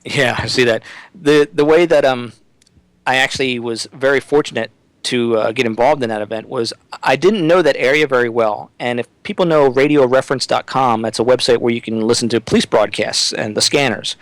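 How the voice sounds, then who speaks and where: A man's voice: mid-range voice, a little fast, dry recording, low-quality recording. Man guest with a dry close sound. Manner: emphatic, restarts his sentences often. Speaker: interview guest. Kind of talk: conversational talk-radio interview.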